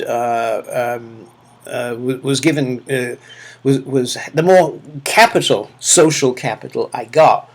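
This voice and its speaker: Male lecturer, Manchester accent, halting delivery full of ums and uhs, mid-range pitch. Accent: Manchester English. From England. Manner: hesitant, many fillers and restarts. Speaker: university lecturer. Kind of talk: recorded lecture feedback.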